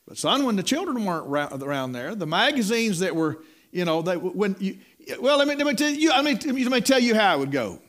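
A middle-aged man delivers a sermon, swooping up and down in a lively, high-pitched voice. He talks in a folksy storytelling way, stumbling over and repeating words and calling out "my friend.". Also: brisk. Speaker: preacher.

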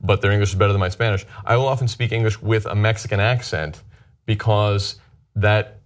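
A man's voice: on the low side, fairly quick. An American man in a casual chat who explains his ideas at length. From United States.

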